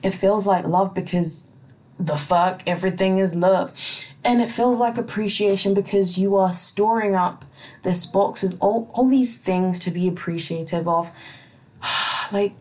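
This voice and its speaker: A woman's voice: mid-range voice, fairly even intonation, measured pace, darkish tone. A woman hosting a casual solo podcast, chatty and profane, laughing often as she reads out listener questions. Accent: non-American accent. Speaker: podcast host.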